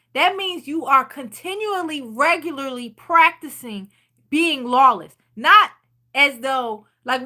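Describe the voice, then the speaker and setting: A woman with a high, bright voice talks casually to her viewers about faith. She rambles freely and stops to read out their comments. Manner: chatty and rambling, reading viewer comments aloud. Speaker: channel host leading a Bible study.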